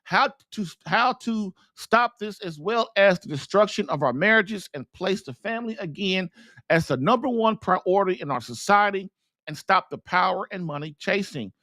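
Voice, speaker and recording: A man's voice: high-pitched, animated, normal speed, pushed and bright, no room sound. A man hosting a marriage show, giving an earnest, preachy talk to husbands, often repeating and restarting himself as he builds to emphatic urging. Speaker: podcast host and marriage coach. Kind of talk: preachy monologue to a call-in audience.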